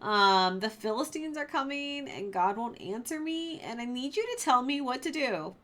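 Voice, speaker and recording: A woman's voice: sits high, animated, moderate pace, a bit bright, pitched above the performer's own voice. A woman voicing a desperate male king who pleads in a whiny, slangy way. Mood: pleading.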